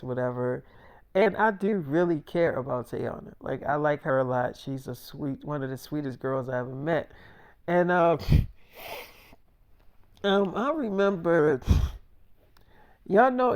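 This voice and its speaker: A man's voice: fairly high pitch, unhurried, clean tone. A man casually telling a story, rambling and swearing while acting out dialogue. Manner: profane, rambling, acts out dialogue.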